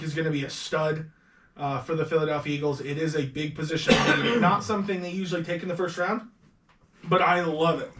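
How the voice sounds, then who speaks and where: A man's voice: a little high, fairly bright tone, far from the mic. Male podcast host, opinionated sports analysis; echoey room, off-mic sound. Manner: confident, opinionated analysis with swearing and laughs. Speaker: podcast host running a mock draft. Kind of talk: casual sports chat.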